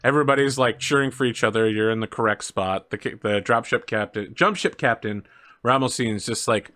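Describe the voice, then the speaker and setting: Male game master, mid-range voice, loose narrating with fillers. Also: medium pitch. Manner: relaxed storytelling with fillers and quick asides.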